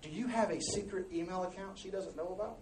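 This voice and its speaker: A man pastor preaching a sermon in an animated, conversational way, swinging from hushed asides to loud exhortation. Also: sits high, fast talker, a little hiss or hum. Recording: echoey room, distant mic, faint ambience.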